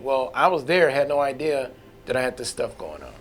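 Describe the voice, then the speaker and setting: A man's voice: mid-range voice, animated, fairly quick, a little hiss or hum. Earnest man telling his faith testimony. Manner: earnest and candid, with frequent restarts and folksy phrasing. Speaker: testimony speaker. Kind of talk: personal faith testimony, conversational storytelling.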